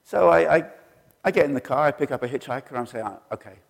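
A middle-aged man preaching a sermon, telling stories and acting out the quoted voices with sudden leaps in pitch. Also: fast, gravelly. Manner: animated, acts out quoted voices with jumps in pitch. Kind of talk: sermon storytelling. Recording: long hall reverb.

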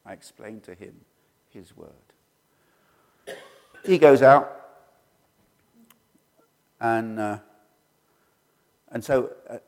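A middle-aged man preaching a sermon, telling stories and acting out the quoted voices with sudden leaps in pitch. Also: drawn-out words, long pauses. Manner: animated, acts out quoted voices with jumps in pitch. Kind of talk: sermon storytelling. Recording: long hall reverb.

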